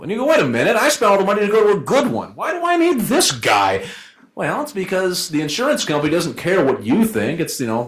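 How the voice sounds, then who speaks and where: A man arguing his side in a debate as a lawyer, in a joking and rhetorical way with quick asides. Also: a little high, a bit bright. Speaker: debater, law firm associate. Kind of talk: informal debate argument. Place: event room. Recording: echoey room.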